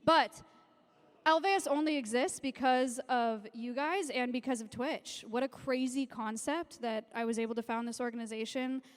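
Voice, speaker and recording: Excited woman on a reverberant stage. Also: a little high, moderate pace. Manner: excited, gushing, emotional. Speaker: sanctuary founder presenting on stage. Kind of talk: live-streamed stage announcement. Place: large convention hall with live audience. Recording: long hall reverb.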